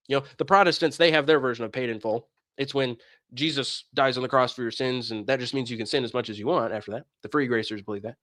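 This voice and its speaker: A man's voice: mid-range voice, quick pace, fairly bright tone, dry recording, studio quality. A man streaming a casual commentary rant in a sarcastic, mocking manner.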